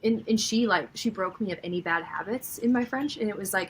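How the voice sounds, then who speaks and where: A woman's voice: medium pitch, brisk, few pauses, slight background noise, rough recording. A young woman with a Minnesota accent, a guest on a podcast, talking in a thoughtful, chatty way. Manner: thoughtful, chatty, laughs often. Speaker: podcast guest, commentator and voice actor. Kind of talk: casual chat.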